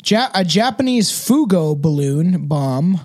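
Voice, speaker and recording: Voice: medium pitch, lively intonation, takes it slowly, darkish tone. A young adult podcast co-host chatting casually and reading articles aloud, swearing freely and tripping over names while intoxicated. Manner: loose and profane, stumbles over names and words.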